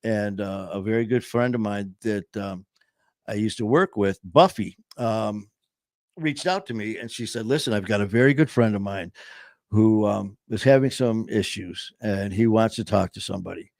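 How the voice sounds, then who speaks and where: A man's voice: lowish voice, normal speed, darkish tone, dry recording, studio quality. A man hosting a casual podcast, rambling and upbeat, often interrupting himself. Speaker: podcast host. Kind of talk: casual chat.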